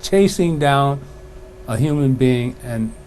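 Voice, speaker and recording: A man hosting a live talk show, speaking in a loose, halting way with many fillers. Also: mid-range voice, lively intonation, darkish tone, a little hiss or hum. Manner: calls himself an old-time activist, loose and halting. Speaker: host.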